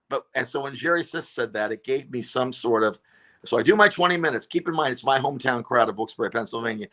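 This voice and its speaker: Bright-voiced animated male storyteller. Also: mid-range voice, fast talker. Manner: animated, acts out quotes. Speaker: comedian guest. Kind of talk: casual storytelling.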